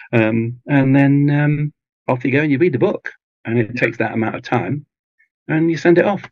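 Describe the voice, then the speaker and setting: A man with an English accent, chatting in an interview in a relaxed, rambling way with many ums and restarts. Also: on the low side, dry recording, highs cut off. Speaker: audiobook narrator guest. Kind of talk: casual interview chat. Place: home garage booth with foam pads.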